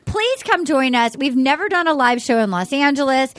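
A woman podcast host chatting excitedly in a casual, rambling way, full of quick asides. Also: sits high. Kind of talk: casual chat promo.

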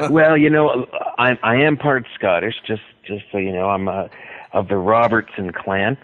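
A man being interviewed as an author, talking in a rambling, hesitant way with many pauses. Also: lowish voice. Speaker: author guest. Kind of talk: radio interview by phone. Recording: tinny phone line.

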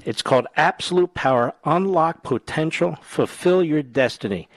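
A man hosting a talk radio show, taking calls and delivering forceful, combative opinions. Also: on the high side, expressive, moderate pace, dry recording.

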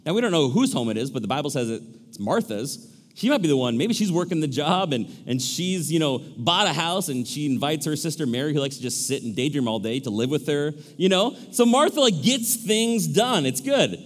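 A male pastor preaching a sermon in a lively, animated way, acting out characters with shifting voices. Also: a little high, fairly quick. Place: large church hall. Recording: echoey church hall.

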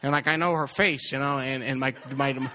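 A man telling a personal story live, stammering and repeating words, with lively impressions of others. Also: medium pitch, moderate pace, slight background noise.

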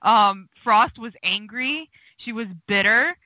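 A woman's voice: fairly high pitch, takes it slowly, pushed and bright, no room sound, rough recording. A woman co-hosting a fan podcast, talking casually and emotionally with many fillers. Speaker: podcast co-host.

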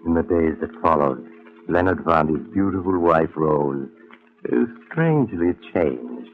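A man narrating an old radio drama in a measured storytelling way. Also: a bass voice, animated, over music. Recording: tinny old radio broadcast.

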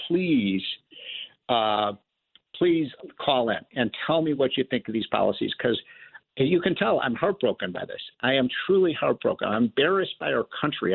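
A man hosts a political call-in radio show, ranting with impassioned exasperation and circling back over his own words. His voice is gravelly and husky at a middling pitch. The sound is narrow and phone-like. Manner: impassioned, exasperated, repeats himself. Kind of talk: political talk radio monologue.

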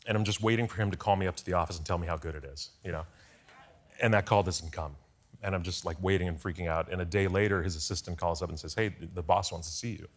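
A man guesting on a talk show, telling lively stories in quick bursts. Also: low voice. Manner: lively storyteller, quick asides. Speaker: guest, former speechwriter.

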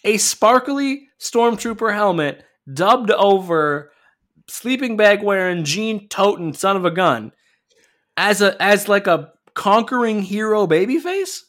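A man hosting a podcast, telling a story in an animated, profane, casual way. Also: sits high, slow. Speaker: podcast host. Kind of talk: casual chat.

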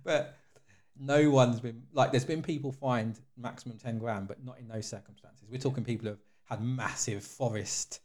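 A man's voice: mid-range voice, fairly even intonation, a little mellow. A man, co-hosting a podcast in casual chat and mostly agreeing with his co-host. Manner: agreeable, quick backchannel, laughs along.

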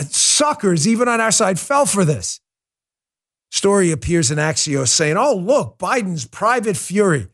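High-voiced sarcastic male talk show host. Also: a bit bright. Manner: sarcastic, mocking, speaks to live chat. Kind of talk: animated political commentary.

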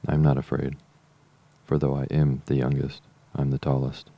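A bold, self-assured teenage girl who speaks stoutly, read by a man. The voice is extremely deep, dark and gravelly, with almost no melody. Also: monotone, normal speed, dry recording. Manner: stout, confident tone. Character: bold, confident youngest teenage daughter. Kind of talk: audiobook reading.

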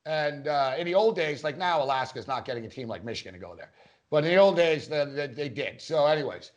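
A man's voice: fairly high pitch, lively intonation, fast, highs cut off. A man co-hosting a casual sports podcast, telling a long rambling story and acting out quotes along the way. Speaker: podcast co-host.

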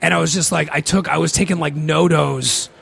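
A man's voice: on the high side, steady tone, a little fast, creaky, a bit bright, breathy edge. A man telling a long personal story in casual podcast talk, rambling and swearing, with many fillers.

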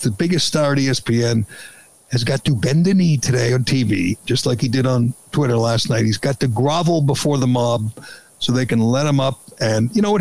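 Gravelly male podcast host ranting. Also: medium pitch, low-quality recording. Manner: sarcastic, ranting, incredulous. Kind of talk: opinionated podcast commentary.

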